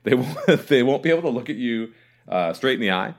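A man's voice: medium pitch, expressive, fairly quick. A man with a Southern Ontario Canadian accent, co-hosting a casual podcast and telling rambling stories with frequent laughs. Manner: rambling storyteller, laughs often. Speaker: podcast co-host.

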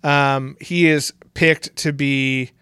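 A man's voice: steady tone, slow pace, sharp tone, smooth, dry recording, studio quality. A man co-hosting a podcast, casually recapping a TV series with lots of fillers and restarts. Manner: rambling, many fillers and restarts, breaks into mocking high voices for quotes. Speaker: podcast co-host.

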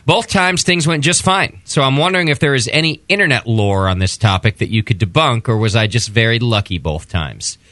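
A man reading out a listener's question on a podcast in a plain, steady way. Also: mid-range voice, a little fast, hardly any pauses, no room sound. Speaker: show producer reading questions.

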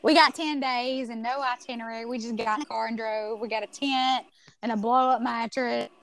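Woman, Mississippi Southern accent, raised pitch, casual podcast guest, lively storyteller, lots of restarts. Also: brisk. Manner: animated, acts out quoted people, many restarts.

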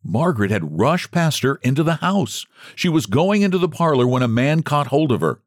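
A man's voice: mid-range voice, moderate pace, few pauses, dry recording, clean studio sound. A man reading a story aloud as an audiobook narrator. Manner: expressive storytelling. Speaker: audiobook reader. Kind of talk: scripted narration.

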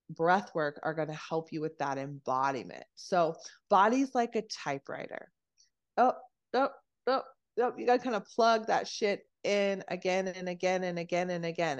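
A woman guest on a podcast explaining nervous system regulation in casual chat, animated and swearing freely as she acts out quoted voices. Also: on the low side.

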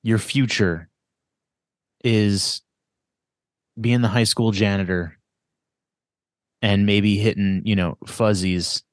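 A man with a fairly low voice, recorded dry and close. He co-hosts a casual podcast and talks haltingly, repeating words and trailing off mid-thought. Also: fairly even intonation, no room sound. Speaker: podcast co-host.

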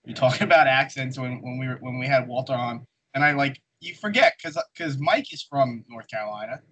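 A man's voice: medium pitch, brisk, bright, forceful tone, muffled recording. A man hosting a casual podcast chat, joking around and leaning on lots of "like" fillers. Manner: filler-heavy, hesitant, joking. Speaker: podcast host.

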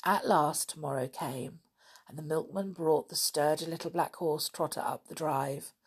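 A woman reading a children's book aloud, then chatting in a gently enthusiastic way to her listeners. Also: deep voice, moderate pace, breathy edge. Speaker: storybook reader.

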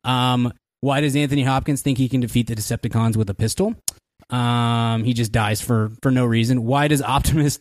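A man's voice: mid-range voice, darkish tone, no echo, studio quality. Sarcastic man ranting about a movie. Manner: sarcastic, rapid-fire complaints. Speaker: podcast co-host. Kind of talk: casual movie review chat.

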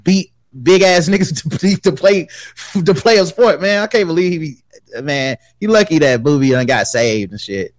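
A man's voice: a little high, lively intonation, moderate pace, no room sound. A man co-hosting a podcast, talking in a laid-back, profane, casual way. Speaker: podcast co-host. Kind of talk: casual chat.

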